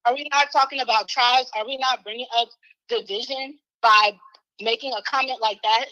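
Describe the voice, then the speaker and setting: A woman's voice: a little high, steady tone, normal speed, sharp tone, dry recording, highs cut off. A woman calling in to a talk show, out of breath and indignant, laughing between phrases. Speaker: caller. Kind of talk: call-in comment.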